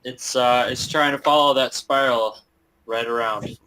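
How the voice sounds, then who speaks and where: Bright-voiced, hesitant man. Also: medium pitch, fairly even intonation, poor audio. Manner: hesitant, restarts, fillers, measured. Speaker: participant on a chart analysis call. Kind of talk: casual chat on a live call.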